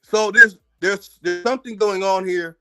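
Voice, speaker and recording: A man's voice: high voice, steady tone, measured pace, pushed and bright, smooth, soft background music. An American man hosting his own channel, delivering a heated, profane commentary rant, combative and repeating words as he gets worked up. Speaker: channel host.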